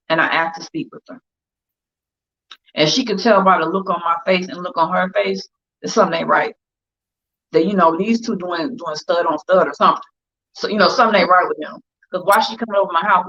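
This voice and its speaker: A woman's voice: lowish voice, sharp tone. A woman telling a story in casual chat on a livestream, blunt and profane. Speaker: guest. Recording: dull lo-fi livestream audio.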